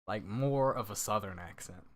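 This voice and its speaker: A man's voice: lowish voice, moderate pace, a crowd in the background. An American man hosting a casual round-table chat, rambling and laughing often. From United States. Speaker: podcast host.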